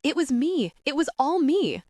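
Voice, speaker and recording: A woman voicing an anxious, earnest teenage girl who rushes to take the blame, in a YA audiobook. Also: a little high, big pitch swings, no room sound, clean studio sound, voice pushed up. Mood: frantic. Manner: frantic, pleading confessions.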